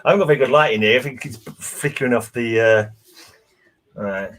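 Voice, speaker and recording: A man's voice: mid-range voice, fairly quick, fairly bright tone. A man hosting a casual livestream chat, laughing often. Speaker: stream host.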